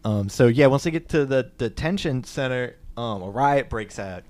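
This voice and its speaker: Casual guy rambling thru a movie plot, lots of um and like, average pitch. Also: animated, moderate pace, darkish tone. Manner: rambling, full of fillers and "like". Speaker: podcast co-host. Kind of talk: casual film recap.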